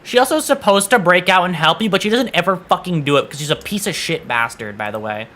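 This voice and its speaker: A man's voice: high-pitched, expressive, quick pace, sharp tone, faint music behind. A man streaming a game and chatting casually, exasperated, swearing often and stumbling over restarts. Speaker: VTuber streamer. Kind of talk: casual gaming stream chat.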